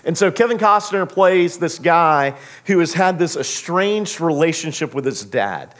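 Pastor guy in his 30s preaching, kinda high voice, gets real animated acting out the quotes. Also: unhurried. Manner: animated storyteller, acts out quotes with big pitch jumps. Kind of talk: sermon.

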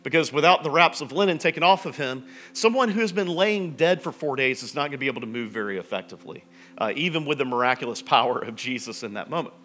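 A man preaching a sermon in a relaxed, conversational storytelling way, with frequent restarts and asides. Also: medium pitch, fast. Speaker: pastor.

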